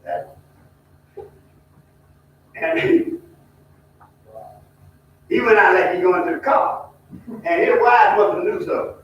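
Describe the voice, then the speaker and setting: Guy teaching bible study, kinda high voice, far off in a big echoey church, dull recording. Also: animated, unhurried, long pauses, a little hiss or hum. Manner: folksy, talks to the group directly, mimics hollering. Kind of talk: storytelling bible study talk.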